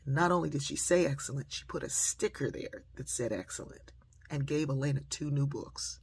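An older woman telling a family story that turns into a life lesson. She speaks in a sermon-like way and often drops into soft whispers for emphasis. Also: extremely low pitch, fairly quick, vocal fry, slightly rough. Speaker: speaker sharing a personal lesson.

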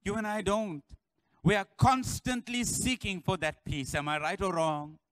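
A pastor preaching a sermon in church, building to shouted refrains and calling on the congregation to answer. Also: male voice, sits high, a little slow, no echo, rough recording.

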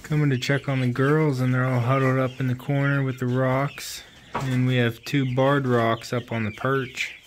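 A man vlogging casually from his chicken coop, talking gently to his dog and hens. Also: mid-range voice, level tone, moderate pace, a little hiss or hum. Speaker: homesteading vlogger. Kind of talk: casual vlog narration. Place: chicken coop on a rural property.

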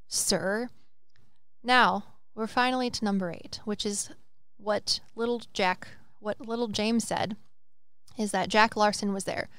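A woman hosting a podcast, excitedly retelling a story in a rambling, casual way. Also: medium pitch, normal speed, clear, resonant tone, dry recording. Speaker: podcast host. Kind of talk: casual chat.

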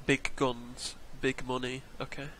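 A man's voice: mid-range voice, monotone, unhurried, fairly bright tone, slight background noise. A man joking crudely and incredulously as he comments on his own gameplay. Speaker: gaming video creator.

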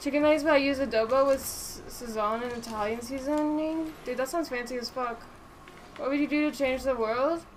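A woman's voice: sits high, brisk, slight background noise. A woman streaming a game live, chatting casually, swearing freely and answering her chat aloud.

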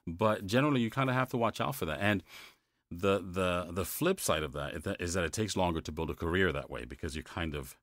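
A man's voice: low voice, brisk, dry recording, clean studio sound. A man with a New York-New Jersey accent, a voice actor telling stories as a guest in a casual interview, often tossing in "man". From United States. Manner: animated storytelling, says "man" a lot.

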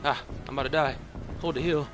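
A man playing a video game and commenting, jokey and excitable, talking back to the game. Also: fairly high pitch, fast talker. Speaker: gaming channel host. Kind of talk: let's play commentary. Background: game music.

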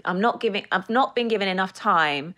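A woman in her thirties from the United Kingdom, an actress telling career stories with animated energy in a casual studio podcast chat. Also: mid-range voice, fairly quick. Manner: animated storyteller, lively laughs. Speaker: actress guest.

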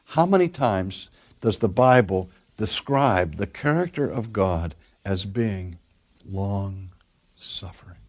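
A man's voice: on the low side, sing-song, slow, a little mellow. An older man, a pastor delivering a sermon and telling stories earnestly, stretching out key words for emphasis.

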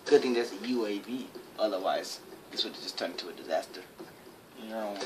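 A woman giving excitable, jokey live commentary while playing a shooter game, with sudden high yelps. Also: fairly quick. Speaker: gaming channel host. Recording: game noise behind.

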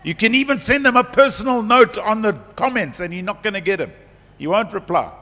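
A middle-aged man preaching a conference sermon as a pastor, chatty and lively, laughing between points. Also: high-pitched, brisk. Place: large conference hall. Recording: long hall reverb.

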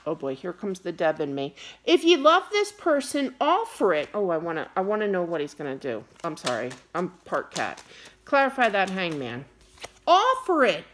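A middle-aged woman giving a casual tarot reading to camera, animated and quick to get wound up and scold playfully. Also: fairly low pitch. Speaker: tarot card reader.

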